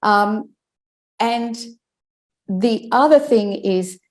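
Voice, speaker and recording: A woman with a mellow, warm tone explains breathing and speaking technique as an interview guest. She talks in a relaxed, explanatory way, demonstrating pauses and stress as she goes. Her phrases often break off and restart mid-thought. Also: mid-range voice. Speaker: guest, speech and accent coach. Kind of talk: conversational interview.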